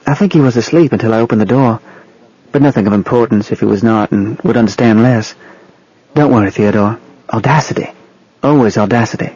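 A man reading an audiobook, voicing a bold, affectionate young woman in a slightly raised, soft voice, on a lo-fi recording. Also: fairly low pitch, fairly quick, slightly rough. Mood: reassuring.

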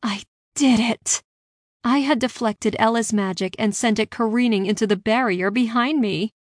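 A woman reading a first-person fantasy story aloud with steady, expressive narration. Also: fairly high pitch, normal speed, no echo, studio quality.

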